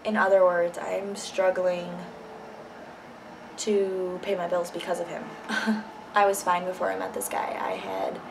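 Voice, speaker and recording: A woman's voice: on the low side, flat delivery, a little slow, vocal fry, background noise. A young woman telling a personal story in a casual vlog, blunt and candid, swearing freely. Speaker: vlogger.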